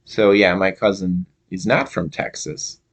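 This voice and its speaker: A young man from Minnesota telling a casual story to camera, halting with many fillers and restarts. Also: deep voice, sing-song, gravelly. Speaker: vlogger.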